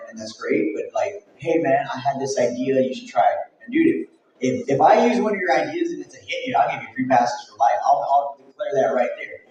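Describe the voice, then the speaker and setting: A man's voice: mid-range voice, a little mellow, distant mic, a little hiss or hum. Rambling man talking in an echoey hall. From Mexico. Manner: candid, rambling and jokey. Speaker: convention organizer. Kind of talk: casual panel talk. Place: event hall.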